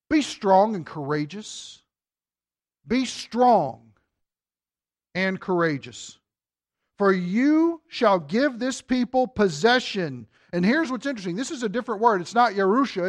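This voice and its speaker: A man preaching a sermon, reading scripture aloud and breaking in with animated, joking asides. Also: sits high, dry recording. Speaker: pastor.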